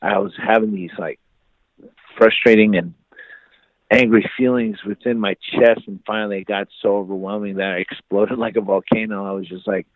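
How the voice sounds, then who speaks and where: A man in his forties with a low voice tells a story on a podcast in a relaxed, casual way, acting out the voices of the people in it. The sound is tight and dry, like a phone line. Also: moderate pace, no room sound. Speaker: podcast guest.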